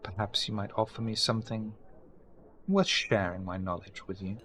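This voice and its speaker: A man voicing a courteous, quietly menacing older male vampire necromancer. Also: fairly low pitch, fairly even intonation, normal speed, a little hiss or hum, close to an everyday voice. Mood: smooth.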